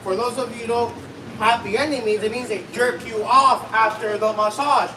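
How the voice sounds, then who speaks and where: A man performs stand-up at a comedy club open mic. His voice sits high, and he hammers his crude one-liners home by shouting them. The mic catches him from far off in an echoey room with faint background noise. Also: fairly even intonation, moderate pace. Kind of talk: stand-up set.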